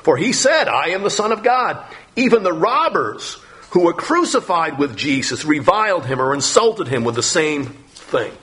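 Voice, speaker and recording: A man's voice: a little high, a bit bright. A man preaching a sermon, reading scripture aloud and explaining it verse by verse, with frequent fillers and restarts.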